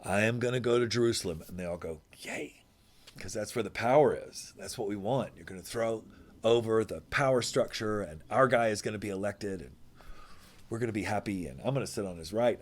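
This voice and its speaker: A man with a fairly low voice gives a relaxed, chatty sermon. He thinks aloud as he goes, restarts his sentences, and slips into the voices of the people in his story. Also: fairly quick. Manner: casual and musing, with many restarts and voiced quotes. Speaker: pastor. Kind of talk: conversational sermon.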